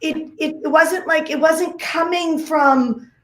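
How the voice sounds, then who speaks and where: A woman giving an energetic talk on a video call, emphatic and full of repeated phrases and "like"s. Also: high voice, slow pace, reverberant. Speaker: guest speaker.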